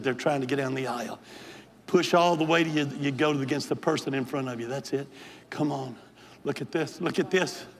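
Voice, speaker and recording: A man's voice: on the high side, a little hiss or hum. An older man, a bishop, preaching an impassioned Pentecostal sermon and altar call in a large church sanctuary. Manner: impassioned, pleading preacher who builds to hollering. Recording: long hall reverb in a big church.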